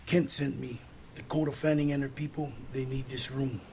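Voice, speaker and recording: An actor playing a dry-witted hotel staffer in a film clip, with faint hiss behind. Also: male voice, mid-range voice, flat delivery, normal speed, a little mellow, natural voice. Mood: deadpan. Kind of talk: film dialogue.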